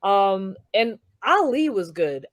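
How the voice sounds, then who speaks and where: A woman's voice: mid-range voice, big pitch swings, takes it slowly, no room sound. Female guest, Rhode Island accent, blunt and salty, dry close recording. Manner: blunt and salty, curses freely. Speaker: guest, boxer and actor. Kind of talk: casual chat.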